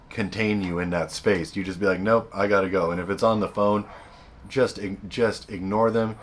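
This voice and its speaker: A man's voice: low-pitched, a little hiss or hum. A man hosting a self-help video, giving blunt, repetitive, emphatic advice in a casual monologue.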